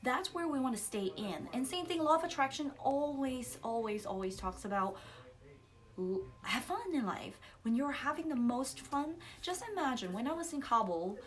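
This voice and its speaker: Lively, high-voiced woman coaching. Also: moderate pace. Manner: animated, laughing, acts out quoted outbursts. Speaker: psychic coach. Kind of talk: casual spiritual talk.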